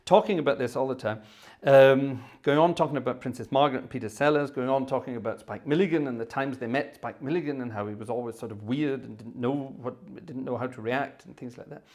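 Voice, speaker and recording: Male organist-host, mid-pitched, rambling anecdote with many fillers and restarts. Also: a little fast, darkish tone. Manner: rambling, filler-heavy, self-interrupting. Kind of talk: live storytelling anecdote.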